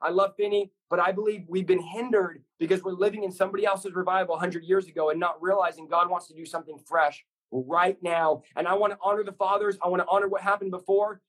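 A man's voice: high-pitched, fairly even intonation, fast talker, hardly any pauses, fairly bright tone, slightly rough, rough recording. A man in his thirties, a pastor telling his story as a guest, passionate and rambling in a preacherly way. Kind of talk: fast energetic testimony sharing.

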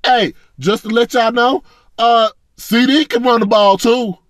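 A man's voice: very high-pitched, steady tone, a little slow, no room sound, studio quality. A man ranting as a fan, blunt and profane, in a casual, frustrated reaction. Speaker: sports fan commentator.

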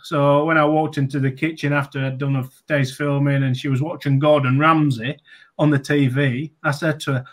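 A man in his forties talks through his old stories as a guest, his voice sitting a touch high. He rambles cheerfully, full of ums and false starts. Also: little pitch movement, normal speed. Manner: chatty, laughing anecdotes with many ums and restarts. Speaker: guest, former cricketer. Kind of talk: casual interview storytelling.

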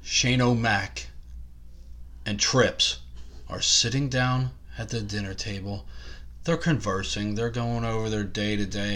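A man's voice: on the low side, normal speed, fairly bright tone. Crude rambling male podcast host. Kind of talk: casual comedic podcast chat.

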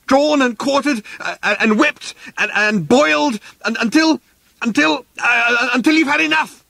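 A man voicing a frantic young man yelling furious, stammering threats in a high, shrieking shout. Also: unhurried, gravelly, dry recording, exaggerated voice.

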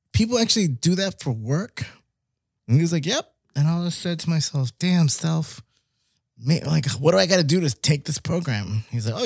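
A young man, telling stories in casual chat, animated, laughing often and dropping in Spanish words. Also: fairly high pitch, dry recording, clean studio sound. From Mexico.

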